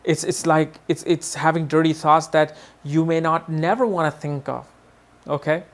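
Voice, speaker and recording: A man teaching an astrology lesson in a lively way, often acting out what people say and repeating his words. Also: fairly high pitch, moderate pace. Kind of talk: video lesson.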